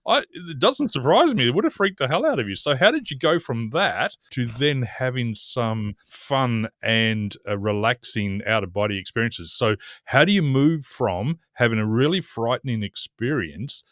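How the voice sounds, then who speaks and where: Guy hosting a podcast, mid-pitched voice, retells the story back to his guest, dry close mic. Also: lively intonation, normal speed, few pauses, a bit bright, no room sound. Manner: retells the guest's story back in second person before asking. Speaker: podcast host. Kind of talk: conversational interviewing.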